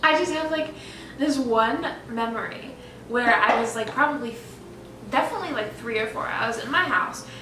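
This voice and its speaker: A woman's voice: fairly high pitch, moderate pace, echoey room, distant mic, noisy background. A young woman, co-host of a casual chat, recalling childhood memories in a loose, filler-heavy way. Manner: chatty, filler-heavy, laughs often.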